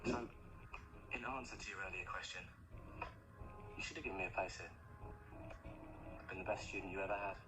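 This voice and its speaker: A man's voice: deep voice, a little fast, pauses often, loud music behind the voice, lightly acted, rough recording. A young actor playing a scornful, confrontational male student in a TV drama clip. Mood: defiant. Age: young adult. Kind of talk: TV drama acting. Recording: TV clip with loud background noise.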